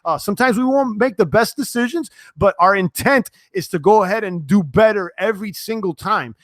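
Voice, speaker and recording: Young male streamer, high voice, dry close sound, loose chatty delivery full of fillers. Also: animated, a little fast, no echo. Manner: casual, many fillers and restarts. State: sweating, tiring. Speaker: crypto live-stream host. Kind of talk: live-stream chat reading viewer comments.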